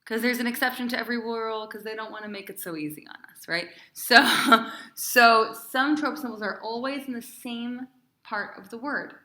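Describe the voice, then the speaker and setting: A bright, ringing woman's voice teaches a class in an echoey room. She is a cantor, chatty and encouraging, and keeps asking her students questions. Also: a little high, normal speed. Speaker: cantor teaching Torah cantillation.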